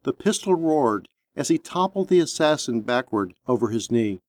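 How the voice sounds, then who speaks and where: A man narrating an action story in a steady, measured audiobook reading. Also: medium pitch, no echo.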